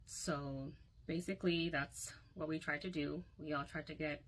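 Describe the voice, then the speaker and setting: A woman's voice: low voice, fairly even intonation, moderate pace, rough recording. A young woman recounting a painful personal story to her phone, candid and emotional, often quoting others.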